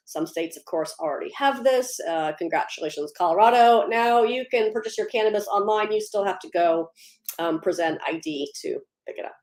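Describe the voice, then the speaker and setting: Woman, livestream host, upbeat and chatty, greets viewers by name, medium pitch, echoey room. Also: darkish tone. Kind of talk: casual livestream chat and policy update.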